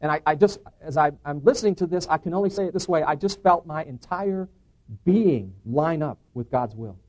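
A middle-aged man giving an animated testimony in church, acting out dialogue and restarting his sentences. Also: on the high side, moderate pace. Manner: excited, acts out dialogue, frequent restarts. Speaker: guest speaker giving testimony.

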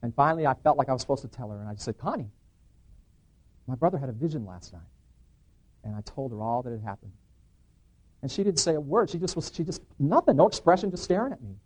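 A middle-aged man giving an animated testimony in church, acting out dialogue and restarting his sentences. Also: mid-range voice, fast, long pauses, slightly rough. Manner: excited, acts out dialogue, frequent restarts. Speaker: guest speaker giving testimony.

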